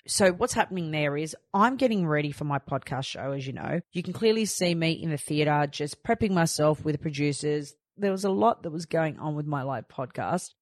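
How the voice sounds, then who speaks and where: In a dry, clean studio recording, an Australian woman in her thirties with a low voice hosts a casual podcast. She spins chatty stories and acts out the things she said.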